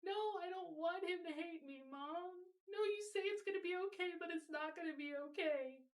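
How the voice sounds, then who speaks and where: A woman's voice: very high voice, normal speed, recorded from a distance, pitched above the performer's own voice. A woman voicing a tearful teenage girl who is crying on the phone. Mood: distraught, pleading.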